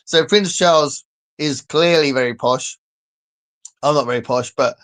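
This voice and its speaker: A man's voice: a little high, unhurried, long pauses, fairly bright tone. A man with a southern English accent chatting casually on a live stream, rambling loosely and reading out viewer comments. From southern England. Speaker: livestream host reading comments. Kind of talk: casual chat.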